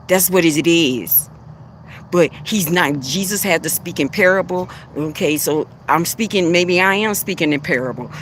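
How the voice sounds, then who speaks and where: Passionate preachy woman, faint background noise. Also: on the low side. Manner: passionate, preachy, repeats herself. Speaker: spiritual livestream host. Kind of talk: impassioned spiritual talk.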